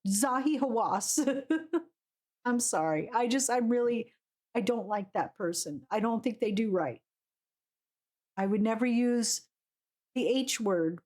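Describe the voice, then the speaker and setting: A woman's voice: on the high side, a little mellow. A woman streaming a game live, chatting casually and ranting animatedly with frequent laughs. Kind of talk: casual live gameplay commentary.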